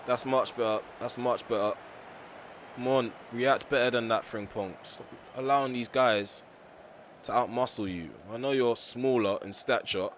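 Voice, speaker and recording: A young man commentating his own football video game, ranting bluntly at his players with a voice going hoarse. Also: medium pitch, steady tone, normal speed, a little hiss or hum. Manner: frustrated, ranting, blunt with mild swearing. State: voice getting hoarse. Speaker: gaming YouTuber. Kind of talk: live gameplay commentary.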